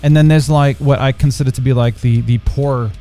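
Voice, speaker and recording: A man's voice: medium pitch, steady tone, fairly quick, warm tone, faint music behind. A man hosting a casual podcast chat, playful and rambling, often slipping into put-on accents. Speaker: podcast host.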